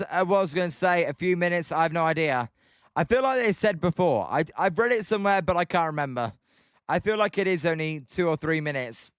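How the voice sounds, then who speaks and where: British male stream host, high smooth voice, dry close sound, casual play-by-play mixed with viewer chat. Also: dry recording. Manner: chatty, answers viewer shout-outs between pitches.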